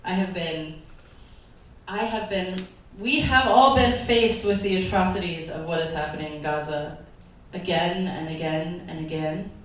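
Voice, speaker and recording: A woman's voice: lowish voice, a little slow. A woman pastor giving an earnest, emotional sermon, her voice sometimes wavering as if near tears. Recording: echoey hall from far off.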